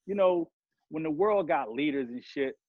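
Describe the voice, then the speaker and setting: A man's voice: on the high side, animated, normal speed, no room sound. Heated profane man ranting on a podcast. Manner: heated, profane, rambling rant. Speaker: podcast guest rapper. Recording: dull lo-fi sound.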